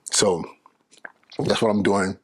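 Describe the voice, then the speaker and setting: Earnest male educator hosting a solo podcast; low, husky voice. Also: fairly even intonation, slow pace, dry recording. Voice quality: earnest and persuasive, with frequent restarts.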